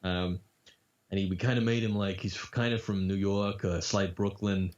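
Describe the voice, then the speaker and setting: A man in a relaxed interview, talking about his voice acting work. He tells stories with lively energy and drops into character voices now and then. His voice sits on the low side, and the recording sounds dull and lo-fi. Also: normal speed. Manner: animated storyteller, breaks into demo voices. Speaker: voice actor. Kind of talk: casual interview chat. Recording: dull lo-fi audio.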